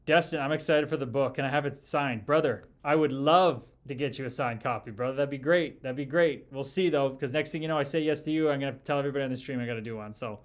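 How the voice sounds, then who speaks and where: A man's voice: medium pitch, fast, hardly any pauses. A man in his early thirties hosting a livestream, reading chat and talking casually, swearing often and calling everyone brother. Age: early 30s. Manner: profane, loose and enthusiastic, calls people brother. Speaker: podcast host reading live chat.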